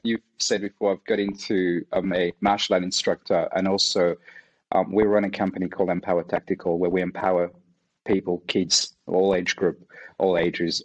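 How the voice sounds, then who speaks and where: A man from Mauritius with a French accent, French his first language, a martial arts instructor chatting as an interview guest, laughing often and pausing with fillers. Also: low-pitched, muffled recording. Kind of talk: casual interview conversation.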